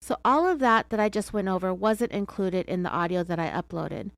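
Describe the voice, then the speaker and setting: A woman's voice: mid-range voice, fairly quick, gravelly, no room sound. Sarcastic American woman narrating true crime. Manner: sarcastic, chatty commentary. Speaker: podcast host.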